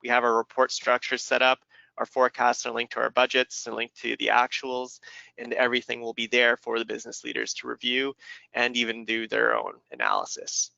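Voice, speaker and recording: Man, webinar presenter, steady explanatory delivery, gravelly edge, dry dull sound. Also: medium pitch, brisk, no echo. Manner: steady, explanatory, runs audience polls.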